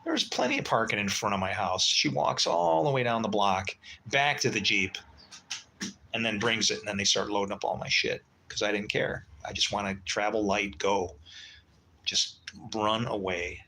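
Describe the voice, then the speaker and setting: A man in his sixties talks casually on a livestream, rambling from one story to the next with blunt, swearing asides. His voice sits low but has a hard, bright edge to it. A faint background hum sits under the talk. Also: normal speed, vocal fry, poor audio. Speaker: livestream host.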